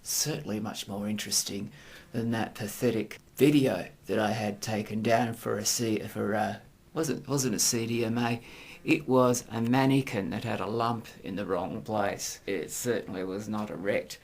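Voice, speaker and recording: A middle-aged man ranting in a sarcastic, crude monologue, swinging between mutters and loud outbursts. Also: fairly low pitch, fairly even intonation, normal speed, vocal fry. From Australia. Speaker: vlogger.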